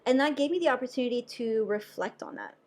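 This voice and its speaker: A young adult woman, a nurse, telling a personal story to camera in a chatty, animated way with lots of fillers. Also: fairly high pitch, fast talker.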